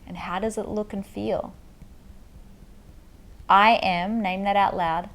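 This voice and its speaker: A woman coaching listeners through a guided tapping meditation, giving slow, soothing instructions and affirmations. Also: medium pitch, steady tone, a bit bright.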